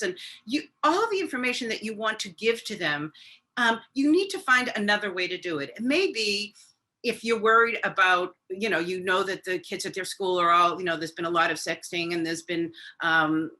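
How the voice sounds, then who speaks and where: A woman speaks over a video call as a parenting expert, her voice bright and forward. She talks casually with plenty of fillers and slips into quick acted lines of parent and teen dialogue. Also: mid-range voice. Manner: conversational, acts out parent-child dialogue; frequent fillers. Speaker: parenting expert on a webinar panel. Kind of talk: advice talk on a webinar.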